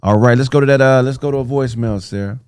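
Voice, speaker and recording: A man's voice: medium pitch, quick pace, a little mellow, clean tone, no room sound, clean studio sound. Joking man hosting a call-in show. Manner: joking, loose banter. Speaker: podcast host. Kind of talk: casual chat.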